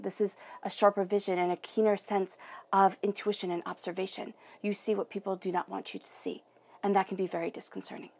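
A woman's voice: mid-range voice, gravelly, warm tone, husky. A woman reading tarot cards, speaking in an earnest, encouraging way straight to the listener. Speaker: tarot reader. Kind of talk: tarot reading, spoken guidance.

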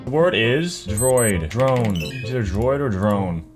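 A man's voice: fairly low pitch, expressive, slow pace. A man thinking aloud as he plays a word puzzle, muttering half-words and guesses and laughing often at himself. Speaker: gaming YouTuber. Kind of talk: thinking aloud while playing a word game. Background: music.

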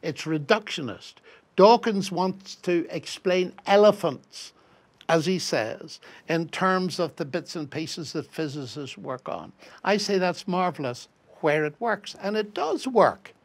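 Older Northern Irish man, gravelly. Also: sits high, unhurried. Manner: lively anecdote-telling with acted quotes, chuckling. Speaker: professor guest. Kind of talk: animated storytelling conversation.

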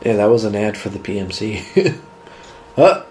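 A man's voice: on the low side, very animated, moderate pace, echoey room, noisy background. A man co-hosting a casual comedy chat, joking, swearing and laughing often. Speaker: podcast co-host.

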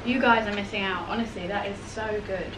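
A woman's voice: mid-range voice, steady tone, a little fast, background noise. A woman hosting a travel vlog, chatting enthusiastically while tasting food at home. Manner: bubbly, enthusiastic. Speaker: vlog host. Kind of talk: casual vlog chat. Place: at home, seated at a dining table. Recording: clattering dishes in background.

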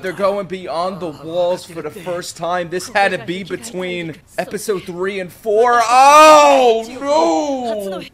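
A young man commenting on an anime episode as he watches it, often shouting, laughing and swearing. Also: high voice. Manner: loud excited outbursts and laughter, swearing. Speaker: anime reaction YouTuber. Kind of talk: excited reaction commentary.

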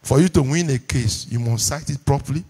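A man's voice: mid-range voice, fairly quick, dark tone, husky. Preaching man, Nigerian English accent. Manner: call-and-response preaching, repeats lines for emphasis. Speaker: pastor. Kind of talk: sermon. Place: church hall.

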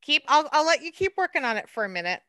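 A woman art docent leading a hands-on clay lesson, chatty and quick to laugh at herself. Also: sits high, big pitch swings, a bit bright, no echo.

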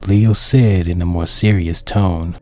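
A man reading his own dark pony fan story aloud as the narrator, in a steady, plain storytelling manner. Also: low-pitched, slow, loud music behind the voice.

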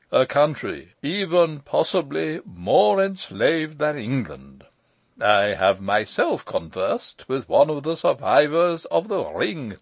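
Man voicing a self-important old lecturer, audiobook, lively swinging pitch, dry dull recording. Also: gravelly, no echo, full character voice. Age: older. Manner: lecturing, long-winded. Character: pompous elderly male lecturer, self-important.

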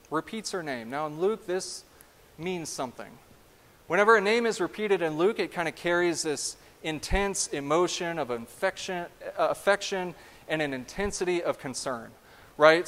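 Male pastor, high-pitched, lively sermon delivery, echoing sanctuary. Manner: animated, asks the congregation direct questions. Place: church sanctuary. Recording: long church reverb.

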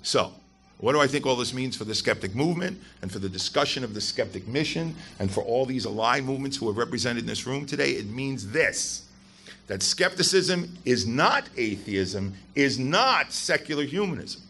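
Bright-voiced man giving a blunt, emphatic talk. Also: mid-range voice, sing-song, normal speed, slight background noise. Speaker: guest speaker at a skeptics event. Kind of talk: live public talk to an audience. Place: event hall with a live audience.

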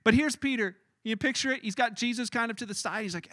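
Pastor guy preaching, chatty and animated, bright voice, dry close sound. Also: very high voice, fast, few pauses, no echo. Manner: animated and conversational, acts out scenes. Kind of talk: sermon. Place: church.

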